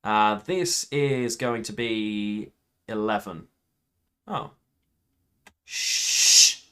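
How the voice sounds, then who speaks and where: A man's voice: on the low side, lively intonation, extremely slow, pushed and bright, clean tone. A man commentating his own card game play, thinking aloud and counting points under his breath. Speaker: gaming YouTuber.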